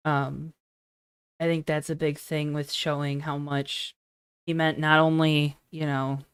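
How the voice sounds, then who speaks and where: A woman's voice: low voice, little pitch movement, measured pace, smooth, dry recording. A woman interviewing a race driver after a race, friendly and reassuring, asking rambling questions.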